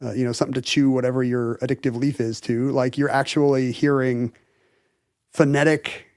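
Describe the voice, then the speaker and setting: A man's voice: mid-range voice, little pitch movement, normal speed, darkish tone, dry recording, studio quality. A man co-hosting a podcast, explaining things in casual chat with lots of fillers and restarts. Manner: enthusiastic explainer, hedges with fillers. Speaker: podcast co-host.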